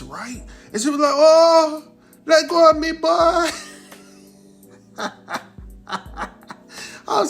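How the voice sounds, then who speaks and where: A man hosts a casual recap of a TV drama. He tells the story animatedly and acts out the characters' lines in a voice that sits a little on the high side. Faint music plays softly underneath. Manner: animated storytelling, acts out quotes, laughs often. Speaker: recap host.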